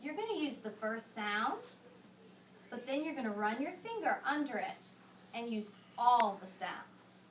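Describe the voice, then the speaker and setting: An elementary school teacher with a high voice reads a picture book aloud to young children, very animated but a little slow, patiently coaching them through each word and modeling reading strategies. She often hushes the kids to keep them quiet. The camera sits some distance away, giving roomy, distant classroom sound with soft background noise.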